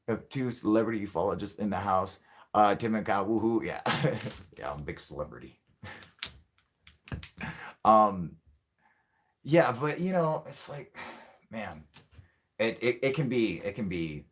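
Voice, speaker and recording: A man's voice: on the low side, lively intonation, a little slow, pauses often. A man hosting a livestream, ranting angrily and swearing a lot as he answers the chat. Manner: angry, profane, ranting. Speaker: channel host.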